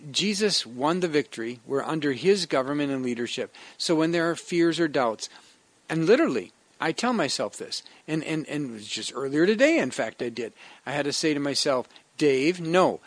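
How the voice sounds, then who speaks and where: A male pastor speaks in an earnest, conversational way, restarting phrases as he goes. His voice sits a little high for a man. The recording is dry and close, with no room sound. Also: sing-song, brisk, no room sound. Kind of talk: devotional sermon with prayer.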